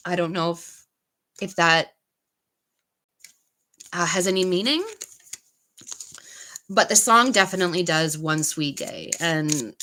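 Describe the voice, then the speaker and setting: Woman, live-stream tarot reader: low-ish, very slow, gentle delivery with frequent pauses. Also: low-quality recording. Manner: soft, unhurried, full of pauses and fillers. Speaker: tarot reader and channel host. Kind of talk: live-stream card reading.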